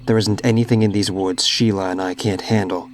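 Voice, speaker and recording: A man's voice: lowish voice, fairly even intonation, fairly quick, a little hiss or hum, close to an everyday voice. A man doing a brash tough-guy camper. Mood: defiant. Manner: blunt, dismissive.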